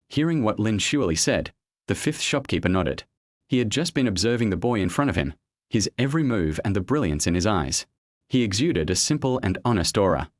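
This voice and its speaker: A man reading a serialized story as narrator in an even storytelling manner. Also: on the low side, moderate pace, dry recording.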